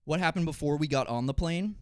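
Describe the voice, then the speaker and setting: A young man streaming, ranting casually and profanely to his chat, swinging from low muttering to loud exasperated outbursts. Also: a little fast, dry recording.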